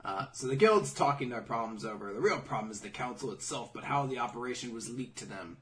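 A man's voice: mid-range voice, fast, distant mic. A man hosting a casual podcast, recapping an anime episode with sarcastic, swearing commentary. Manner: animated, sarcastic, swears often. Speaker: podcast host.

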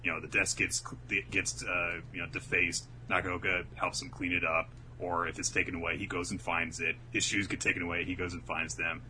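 A man with a very low voice tells a story in loose, casual chat and slips into quick put-on voices for the quotes. His tone is bright and sharp. A faint hum sits under the recording. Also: low-quality recording. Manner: rambling, animated, acts out quotes in voices. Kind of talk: casual chat recapping a manga.

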